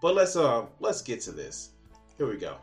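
A man's voice: medium pitch, huge pitch swings, normal speed, faint music behind. A man commenting on a video clip, mocking and exasperated, swearing often. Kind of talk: profane reaction commentary.

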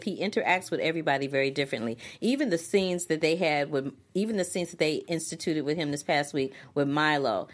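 A woman co-hosting a relaxed chat, her voice sitting low and full. She talks animatedly, breaking into laughter and playful exclamations. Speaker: co-host. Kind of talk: casual chat.

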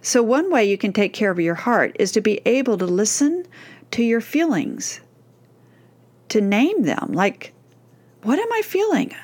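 A woman parenting coach giving scripted advice, speaking gently and reassuringly straight to mothers. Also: medium pitch, lively intonation, unhurried.

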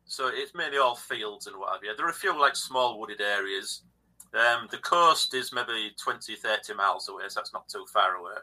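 A man from England with an English accent, a guest musician on a casual interview over a video call, easygoing and pausing with ums. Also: fairly low pitch, bright, forceful tone, rough recording. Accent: English, East Anglian coast.

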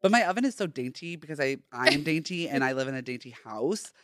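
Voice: mid-range voice, expressive, quick pace, fairly bright tone, dry recording. A podcast host chatting casually in a studio, with a playful, slangy, teasing way of talking. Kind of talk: casual chat.

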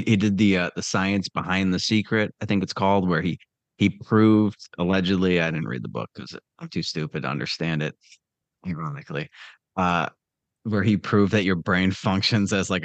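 A man with a very low voice hosts a casual podcast, rambling and teasing his co-host with frequent swearing. The recording is dry and close. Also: no room sound. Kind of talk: casual chat.

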